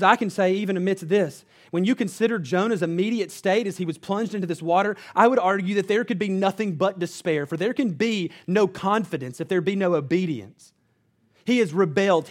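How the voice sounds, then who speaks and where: A pastor delivering a sermon from the pulpit, a man with a fairly high voice. He preaches earnestly and now and then sinks to a low, hushed emphasis on key words.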